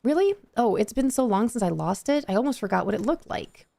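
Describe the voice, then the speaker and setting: A woman's voice: a little high, lively intonation, a little fast, gravelly, dark tone. A woman reading aloud the lines of a whiny, self-pitying male pixie king obsessed with trash, from a video game. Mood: sulky grandiose.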